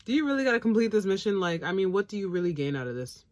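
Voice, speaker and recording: A woman's voice: mid-range voice, sing-song, racing, a little mellow, no echo, clean studio sound. A woman chatting casually about an anime episode, rambling and blunt, swearing freely. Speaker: anime reviewer, co-host. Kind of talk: casual chat.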